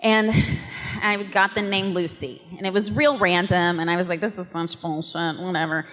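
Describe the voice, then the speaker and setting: A woman on a convention panel, telling a story with lively, laughing energy and acting out the quotes. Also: on the low side, moderate pace. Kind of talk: animated storytelling to an audience. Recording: reverberant convention hall.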